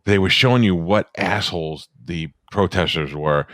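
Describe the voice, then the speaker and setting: Male host, very low voice, blunt, stammers, dry close mic. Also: normal speed, a bit bright, dry recording. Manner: stammering restarts, blunt questions. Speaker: podcast host. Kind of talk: casual podcast chat.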